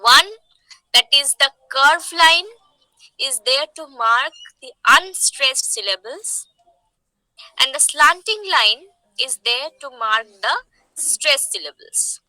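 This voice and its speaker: Slow, high-voiced woman teacher. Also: lively intonation, pushed and bright, no echo, low-quality recording. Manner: slow, repetitive, checks on students. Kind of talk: online class lecture.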